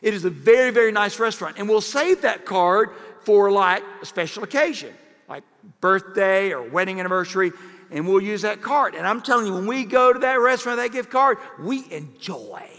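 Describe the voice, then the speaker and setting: Male pastor, high bright voice, playful sermon delivery, long reverb of a church hall. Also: a little fast. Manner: animated, jokey preaching with sudden loud bursts. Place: church sanctuary.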